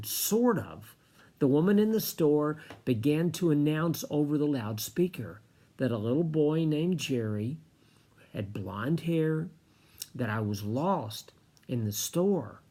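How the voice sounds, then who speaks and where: A man from the United States narrating a personal story. He speaks very slowly in a husky voice and often sinks into an emotional whisper. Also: fairly high pitch, dark tone.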